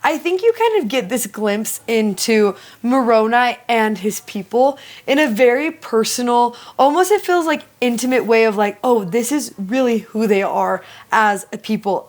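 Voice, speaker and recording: A young woman talks through scripture in a relaxed, conversational way, full of "like" fillers and lively storytelling. Her voice sits a bit high for a woman, and she sounds like a co-host chatting on a faith-study show. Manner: animated storyteller, frequent "like" fillers. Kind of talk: casual scripture discussion.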